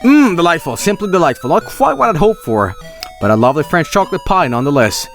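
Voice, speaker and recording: A repulsive horror clown with refined, fussy tastes, put on by a man, savoring each word in a prissy, affected way. His pitch bounces animatedly, with faint game music underneath. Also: sing-song, fast talker. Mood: pleased.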